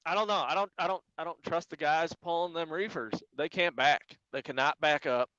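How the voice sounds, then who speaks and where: This man is a flatbed trucker who chats on a live stream and tells animated stories, often acting out the people in them. His voice sits a little high for a man. The audio is dull and dry, like a remote call line. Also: brisk, dry recording. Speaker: flatbed truck driver, guest. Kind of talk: casual live-stream chat.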